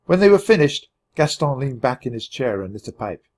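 A man reading a children's chapter book aloud with expressive, dramatic storytelling. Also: medium pitch, fairly quick. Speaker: audiobook reader. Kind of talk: children's audiobook narration.

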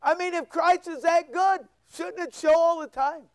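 A man preaching a sermon as pastor, full of rhetorical questions, swinging between loud bursts and hushed asides. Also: very high-pitched, fairly even intonation, normal speed, dry recording. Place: church.

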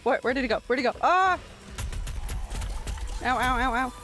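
Excitable woman streamer yelping through gameplay. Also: a little high, racing, faint music behind. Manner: excitable, yelps and talks to herself while playing. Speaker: game streamer. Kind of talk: live gameplay commentary. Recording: steady background noise.

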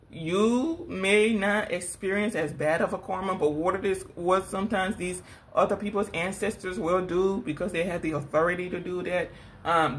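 A woman's voice: on the low side, slight background noise. A woman doing a spiritual tarot reading, scolding and sassy, calling people girl and laughing between lines. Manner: addresses the viewer as girl. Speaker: tarot reader.

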